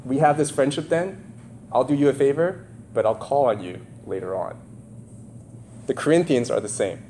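A man's voice: mid-range voice, moderate pace, long pauses, warm tone, a little hiss or hum. A man with nasal congestion preaching a sermon in a conversational way, often checking in with his listeners. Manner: conversational, asks the audience questions. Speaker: pastor.

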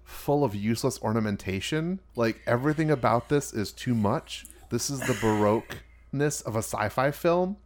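A man in relaxed podcast banter who steps back to make a considered critical point about a film. His voice sits at an ordinary middle pitch, and he slips in dry asides. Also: normal speed, hardly any pauses, slight background noise. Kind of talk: casual movie review chat.

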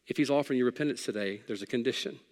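A middle-aged male pastor preaching a sermon, conversational and emphatic, shifting from loud peaks to soft pleading. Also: medium pitch, rapid-fire, in a large hall. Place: church sanctuary.

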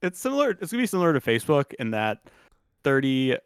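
A man in a casual sports podcast chat, his voice sitting at an ordinary pitch. He rambles loosely and jokes around. The sound is dry and close, with no room echo. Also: big pitch swings, fast talker, clean tone. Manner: loose, rambling, jokey, laughs often. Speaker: podcast co-host.

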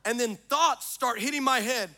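A man preaching a sermon, telling a story with comic asides and building to shouted exhortation. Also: very high-pitched, normal speed, creaky.

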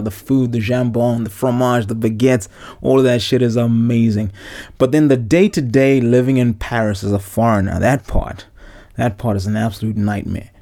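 A man's voice: medium pitch, dark tone. A Zimbabwean man in his thirties hosting a podcast, telling profane, joking stories in a casual ranting monologue from inside a clothes-filled wardrobe. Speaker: podcast host.

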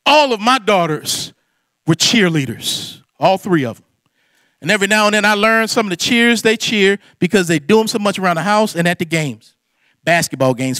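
High, bright-voiced preaching man. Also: no room sound, studio quality. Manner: impassioned preaching, swings from soaring shouts to hushed prayer. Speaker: pastor. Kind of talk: sermon.

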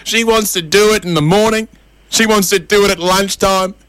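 A man's voice: sits high, steady tone, normal speed, fairly bright tone, clear, resonant tone, dry recording, pitched above the performer's own voice, rough recording. A man voicing a weepy seventy-year-old newlywed who whines and complains, telling a joke. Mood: whiny. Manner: whiny and complaining.

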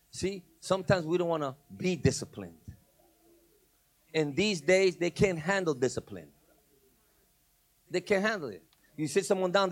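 A middle-aged male preacher telling stories in a sermon, moving from quiet asides to loud, emphatic preaching. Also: a little high, no room sound.

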